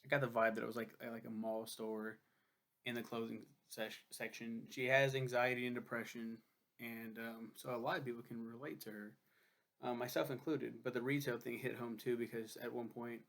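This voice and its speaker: Rambling, profane young man with a gravelly voice. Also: medium pitch, little pitch movement, a little fast, fairly bright tone. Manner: rambling, profane, self-deprecating. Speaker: book reviewer. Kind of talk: casual book review vlog.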